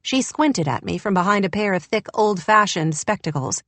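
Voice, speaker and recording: A woman's voice: medium pitch, animated, moderate pace, few pauses, fairly bright tone, dry recording. A woman reading an audiobook in a wry, descriptive narration. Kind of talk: scripted narration.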